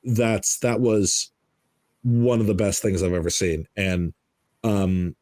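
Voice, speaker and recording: A man's voice: on the low side, slow pace, a little mellow, no echo. A man hosting a podcast in casual chat, enthusiastic and swearing freely. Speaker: podcast host.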